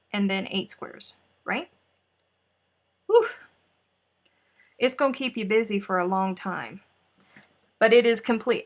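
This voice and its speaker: A woman's voice: mid-range voice, a bit bright. A woman hosting a crochet live stream, chatting casually and muttering to herself as she hunts for her notes. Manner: chatty, scatterbrained, talks to herself. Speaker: crochet livestream host.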